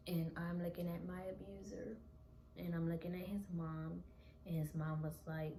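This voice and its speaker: A woman vlogger telling a personal story in an earnest, halting, confessional way. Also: fairly low pitch, level tone, mellow, reverberant, a little hiss or hum.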